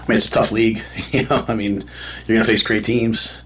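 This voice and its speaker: A man's voice: lowish voice, level tone, a little fast, a little hiss or hum. A man, a head football coach, answering press conference questions in a rambling way, restarting phrases and saying "you know" a lot.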